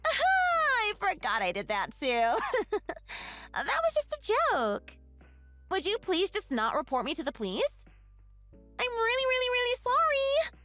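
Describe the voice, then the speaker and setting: A woman's voice: very high-pitched, huge pitch swings, a little slow, sharp tone, soft background music, heavily acted. A woman voicing a sly young woman who keeps begging for forgiveness, repeating her apologies in a whiny, pleading way.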